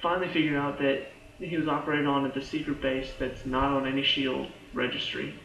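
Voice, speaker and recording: A man's voice: mid-range voice, flat delivery, a little fast, a bit bright. Man rambling through a TV recap. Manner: rambling, full of "like" and restarts. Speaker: TV show reviewer. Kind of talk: casual episode recap. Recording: echoey room, dull lo-fi sound.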